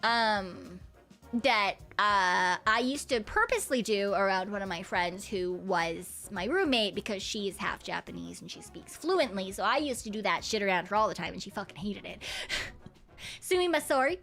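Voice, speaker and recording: A young woman VTuber chats casually with her viewers, loose and giggly, swearing freely and humming as she reads the chat. Her voice is medium-pitched, gravelly, pushed and bright, at a moderate pace, with faint music behind her.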